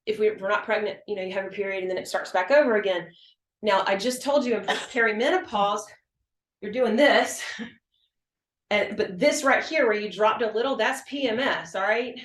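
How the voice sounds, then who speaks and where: A woman practitioner talks through her work in a casual, emphatic interview style, often slipping into her patients' voices and her own replies. Her voice sits at an average pitch, and the room adds a noticeable echo. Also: normal speed, fairly bright tone. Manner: chatty, emphatic, acts out patient exchanges. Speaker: hormone health practitioner. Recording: roomy echo.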